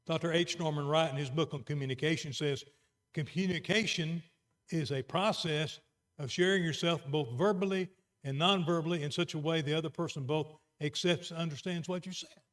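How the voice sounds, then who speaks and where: A middle-aged man preaching a sermon, moving between quiet, earnest emphasis and raised exhortation. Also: a little high, steady tone, moderate pace.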